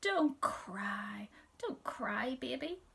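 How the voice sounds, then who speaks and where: A woman voicing a kind mother in a read-aloud storybook, gentle and softly spoken. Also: mid-range voice, steady tone, fairly quick, lightly acted. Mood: soothing. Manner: gentle, soft, half whispered. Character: kind, soothing mother of a small girl.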